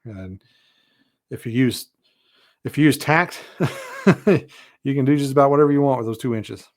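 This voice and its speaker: A male podcast host at a middle pitch, speaking in a loose, unscripted monologue. He wanders through his points with plenty of "you know" and "uh," and his tone stays blunt and mildly exasperated. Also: moderate pace. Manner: rambling, leans on "you know" and "uh" fillers, frank and exasperated. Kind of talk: casual monologue.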